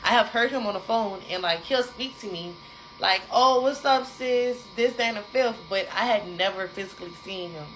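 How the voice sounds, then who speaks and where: A young adult woman casually telling a personal story to her viewers, animated and repetitive, talking straight to the audience. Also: medium pitch, a little fast, slight background noise, low-quality recording.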